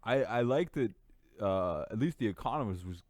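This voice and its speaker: Blunt and profane, a male podcast co-host chats casually from a room at home, growing heated as he rants. His voice sits on the low side, a little mellow, with lively intonation at a moderate pace, and the clean studio sound carries no echo.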